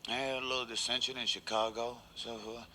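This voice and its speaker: A man's voice: mid-range voice, little pitch movement, a little fast, sharp tone, a little hiss or hum. A man doing a laid-back stand-up routine on a television stage, chuckling at his own jokes. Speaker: stand-up comedian.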